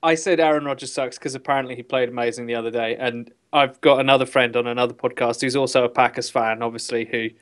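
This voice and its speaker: A man's voice: medium pitch, fairly even intonation, fast talker, hardly any pauses, smooth. A man joining a casual podcast chat, talking in a laid-back, teasing way.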